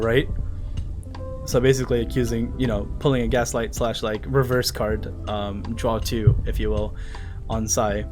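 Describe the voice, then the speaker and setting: A man casually reading and translating a manga live, chatting, joking and swearing along the way. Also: medium pitch.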